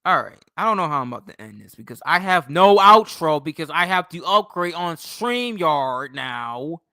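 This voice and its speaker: A man's voice: on the high side, sing-song, normal speed, bright, forceful tone, no echo, studio quality. A young man from New York State hosting a livestream in casual, rambling, profane chat. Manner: rambling, profane, loose and chatty. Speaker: livestream host.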